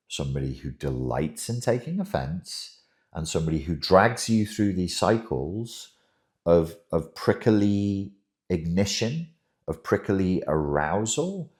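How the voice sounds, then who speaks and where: A man with a lowish voice that swings widely in pitch, delivering an emphatic, wry commentary monologue. He speaks slowly and deliberately and often doubles back on his words. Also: darkish tone. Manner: emphatic and wry, with frequent self-repeats. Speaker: host, relationship commentator.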